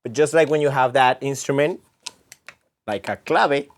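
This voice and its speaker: A man's voice: medium pitch, normal speed, background noise. A man teaching a music lesson to children, patiently explaining and counting beats aloud.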